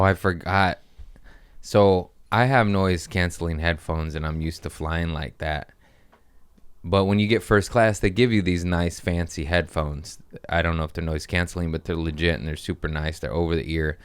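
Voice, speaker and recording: A man's voice: low voice, fairly even intonation, moderate pace, clean tone, no echo. A young man hosting a comedy podcast, telling loose stories in casual chat, swearing and doing playful voices.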